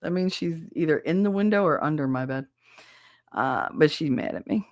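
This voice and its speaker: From her bedroom at home, a woman hosts a podcast, chatting casually with live viewers, swearing freely and often laughing at herself in a self-mocking way. Her low voice is expressive and at normal speed, and the sound is clean studio quality with no room sound.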